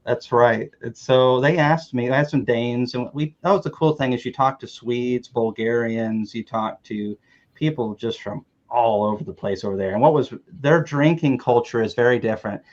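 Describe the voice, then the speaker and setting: A man's voice: mid-range voice, normal speed, muffled recording. A man from the American South telling rambling, joking stories in a casual chat, often restarting his words.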